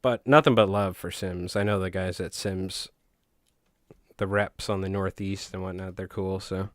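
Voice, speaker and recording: A man's voice: deep voice, steady tone, moderate pace, no echo, studio quality. A young man with a Long Island accent chatting casually and jokingly on a live stream while tying flies, rambling with many fillers.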